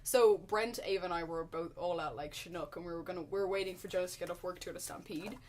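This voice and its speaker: A woman's voice: lowish voice, quick pace, a little mellow, slight background noise. Rambling woman guest. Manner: rambling with many fillers. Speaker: podcast guest. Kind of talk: casual storytelling chat.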